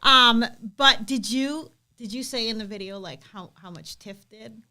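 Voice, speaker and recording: High, bright-voiced teasing woman co-host. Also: unhurried. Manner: chatty, teasing, lively. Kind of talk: casual live-stream chat.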